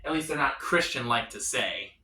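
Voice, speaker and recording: A man doing a self-deprecating stand-up set, with a bright tone and a lively, swooping delivery. He drops to quiet punchlines. The set is recorded in an echoey room. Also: mid-range voice, normal speed, slight background noise. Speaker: stand-up comedian.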